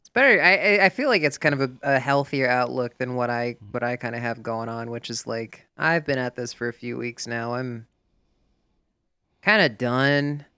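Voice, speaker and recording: A man trading casual crude banter on a podcast, delivering jokes in a dry, deadpan way. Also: mid-range voice, normal speed, smooth, no room sound.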